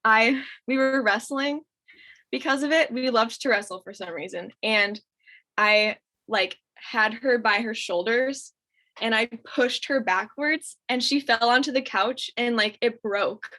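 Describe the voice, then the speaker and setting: A woman in her twenties, a podcast guest, telling a childhood story in a casual, animated way and laughing often. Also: fairly high pitch, measured pace, rough recording.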